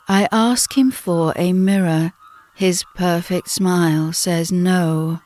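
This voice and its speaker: A British woman narrating her own memoir as an audiobook, telling it slowly and dramatically. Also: on the low side, fairly even intonation, a little mellow. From Britain. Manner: slow, dramatic storytelling.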